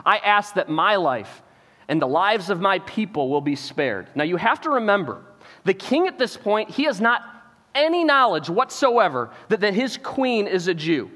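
High-voiced preacher in a reverberant hall. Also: male voice, normal speed. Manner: animated storytelling, acts out the characters' lines; repeats words when starting phrases. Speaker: pastor. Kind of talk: sermon. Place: church auditorium.

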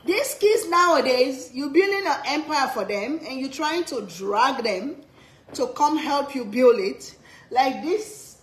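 Animated woman lecturing in an echoey kitchen. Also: high-pitched, slow. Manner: animated, half-joking lecturing with many repeats. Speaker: cooking vlogger and mother. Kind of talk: casual family chat to camera. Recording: echoey room, faint background noise.

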